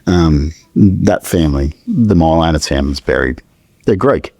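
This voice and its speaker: A middle-aged Australian man, appearing as a podcast guest, tells a painful personal story in a very low, gravelly, mellow, and expressive voice. He speaks haltingly, often stopping, restarting, and searching for words. The recording is close and dry, with no room echo.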